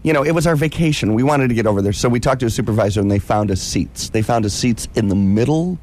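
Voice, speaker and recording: Excitable man telling a comic story. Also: medium pitch, fast. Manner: animated, mimics other people's voices; self-described impatient, excitable. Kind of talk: casual chat, comic travel anecdote.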